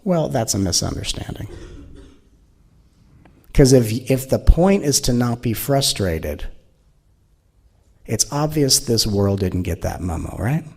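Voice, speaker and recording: A man's voice: mid-range voice, very animated, takes it slowly, creaky, pauses often, darkish tone, breathy edge. A man giving a spiritual teaching talk in a playful, rhetorical way, with many questions to his listeners. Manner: playful and rhetorical, acting out mock inner voices.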